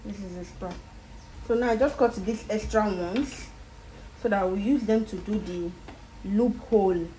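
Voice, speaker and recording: A Nigerian woman with a warm, mellow voice guides viewers through a sewing job at an easy pace, repeating each step as she demonstrates it. The sound is roomy and echoey, with a faint hum of background noise in her workspace. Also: medium pitch, moderate pace. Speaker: sewing tutor. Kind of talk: casual step-by-step sewing tutorial.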